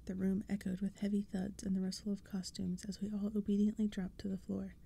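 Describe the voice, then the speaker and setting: Soft-spoken woman, whispered role-play reading. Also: mid-range voice, monotone, brisk, vocal fry, slightly rough. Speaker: ASMR storyteller.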